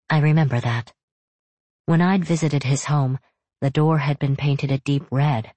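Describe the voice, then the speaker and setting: A narrator reading a first-person novel in a steady, measured storytelling voice. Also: mid-range voice, no echo. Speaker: audiobook narrator.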